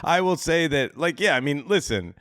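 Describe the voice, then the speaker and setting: A man's voice: a little high, expressive, moderate pace, fairly bright tone, smooth, dry recording, studio quality. A man chatting as a guest on a podcast, joking around and laughing often as he tells stories. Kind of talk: casual chat.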